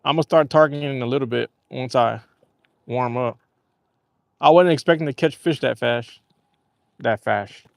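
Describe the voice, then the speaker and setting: A man's voice: mid-range voice, moderate pace, vocal fry, dry recording, clean studio sound. A man hosting a casual live fishing stream outdoors on a lake, telling rambling stories with easy laughs. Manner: rambling, laid-back storytelling with easy laughs. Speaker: fishing livestream host.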